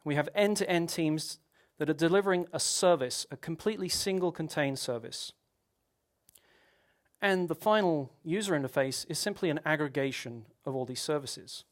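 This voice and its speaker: A man's voice: fairly high pitch, normal speed. A man giving a technical conference talk, explaining at length with rhetorical questions and frequent restarts. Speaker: conference speaker.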